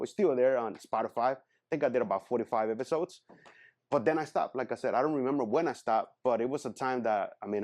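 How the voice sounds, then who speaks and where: An earnest man in his thirties speaks to a class as a guest speaker, with a medium-pitched voice. His casual motivational talk rambles and keeps circling back, with "man" dropped in often. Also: a little mellow.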